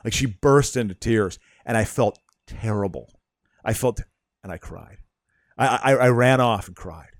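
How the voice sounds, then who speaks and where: A man's voice: medium pitch, unhurried. A man co-hosting a podcast in casual chat, telling rambling stories with stammered restarts and swearing. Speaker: podcast co-host.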